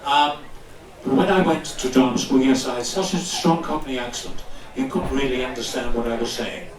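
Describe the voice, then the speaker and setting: An older man from London, an actor telling anecdotes on stage with animated delivery and frequent laughs. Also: medium pitch, moderate pace, a crowd in the background. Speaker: guest actor. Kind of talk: live stage storytelling. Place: stage in a club hall before an audience. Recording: echoey hall, distant mic.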